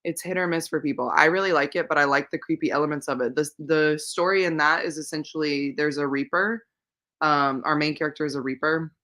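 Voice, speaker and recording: A woman's voice: deep voice, steady tone, a little fast, sharp tone. A woman hosting a casual livestream, rambling and thinking aloud with lots of fillers as she answers viewers. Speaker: livestream host reading viewer comments.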